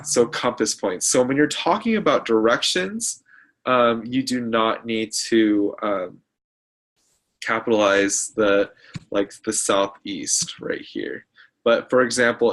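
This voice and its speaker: A young man giving a slide presentation on grammar, talking in a halting way with many fillers and restarts. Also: on the low side, a bit bright. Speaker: student presenter.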